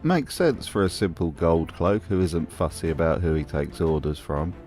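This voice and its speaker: A man's voice: deep voice, normal speed, darkish tone, soft background music. Dry man, mocking commentary. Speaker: video essay host. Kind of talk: scripted commentary.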